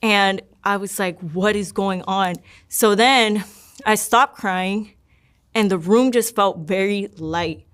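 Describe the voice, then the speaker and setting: A woman's voice: medium pitch, takes it slowly, a bit bright, smooth. A young woman telling her personal testimony in a casual, rambling way, full of "like" and repeated words. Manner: rambling, many likes and repeats. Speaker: guest sharing her testimony.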